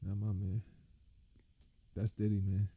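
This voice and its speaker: A man co-hosting a let's-play, tossing in quick jokes. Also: lowish voice, monotone, dark tone, slightly rough. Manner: joking, quick quips. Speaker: co-host. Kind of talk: casual let's-play banter.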